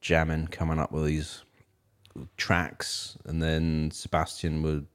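A man with a very low voice co-hosts a casual music podcast. He wanders through his thoughts with fillers and restarts, chatting easily with his co-host. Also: monotone, takes it slowly, clean tone. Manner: rambling, many fillers and restarts.

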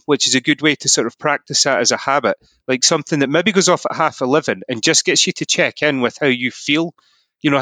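A man's voice: on the high side, fairly bright tone, no echo. A Scottish man talking as a podcast guest, explaining ideas in an earnest way, often saying "you know". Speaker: podcast guest, mindset coach. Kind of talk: casual podcast conversation.

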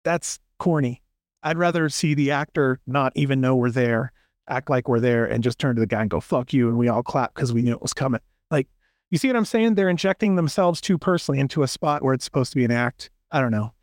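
A man's voice: mid-range voice, animated, fast, dry recording, studio quality. A man co-hosting a podcast, giving long opinionated rants in casual chat and acting out quotes in a raised voice. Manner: opinionated, rambling, acts out quotes. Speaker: podcast co-host.

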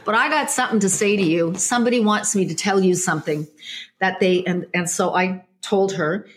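A woman, a psychic medium, telling an anecdote in an interview, lively, with many restarts and self-corrections. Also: medium pitch, fairly quick, slight background noise. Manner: animated storytelling with many restarts.

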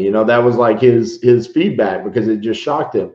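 A man hosting a casual podcast conversation, talking in a rambling, animated way with frequent restarts. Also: on the low side, moderate pace, few pauses. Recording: dull, roomy recording.

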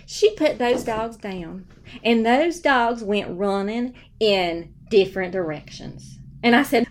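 A woman hosting a podcast, telling a story in a chatty, animated way on a studio microphone. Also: fairly high pitch, measured pace. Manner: chatty, animated, addresses listeners as y'all. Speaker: podcast host, real estate agent. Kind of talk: casual storytelling. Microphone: new studio microphone.

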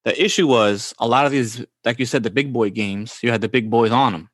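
A man's voice: mid-range voice, fairly quick, no echo. A man in his forties from the Bronx tells childhood stories in an easy, slangy chat. His voice sits mid-range and sounds close and dry, with no room around it. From New York, the Bronx. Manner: laid-back, slangy, says "bro" often. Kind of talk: casual storytelling chat.

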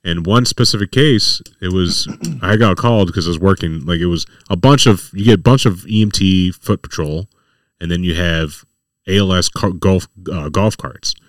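A man's voice: deep voice, normal speed, no room sound, clean studio sound, distant mic. A man, a paramedic, telling work stories in casual talk and acting out what others said. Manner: animated, acts out other people's quotes. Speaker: paramedic guest. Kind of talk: casual storytelling in a podcast chat.

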